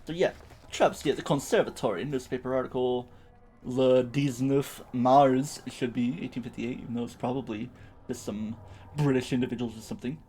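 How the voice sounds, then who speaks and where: A man's voice: medium pitch, fast, darkish tone, husky. A young man streaming a game, giving playful, chatty commentary with silly sound words. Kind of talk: gameplay commentary.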